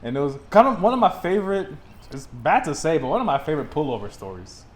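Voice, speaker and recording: A young man from Texas, a podcast host, telling a story in a casual, animated way and laughing often. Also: fairly high pitch, quick pace. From Texas, USA.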